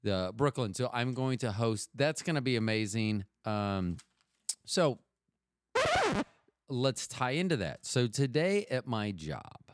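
A man's voice: medium pitch, animated, slow, clean tone, no room sound, clean studio sound. A man hosting a podcast, talking casually in a rambling, chatty way that keeps interrupting itself. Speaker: podcast host.

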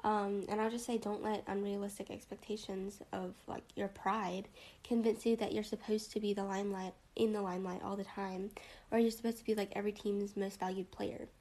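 A young woman hosting a casual reflective monologue, rambling with lots of fillers and a rough morning voice. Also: mid-range voice, flat delivery, a little fast, darkish tone, rough recording. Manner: rambling, lots of likes and ums. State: morning voice, throat a bit rough.

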